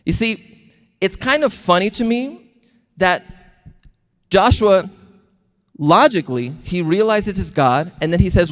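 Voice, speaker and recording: A man with a high, lifted voice preaches a sermon as a pastor. He tells stories and acts out the lines he quotes with lively energy, and his words ring out in a long hall reverb. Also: measured pace, pauses often. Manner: animated storytelling, acting out quotes. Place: large church hall.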